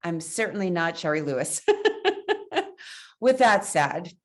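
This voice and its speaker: Middle-aged lady coach chatting to camera, playful and lively, close mic. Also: lowish voice, moderate pace. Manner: playful and animated, acts out voices with puppets. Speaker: love coach and show host. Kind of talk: casual talk to camera.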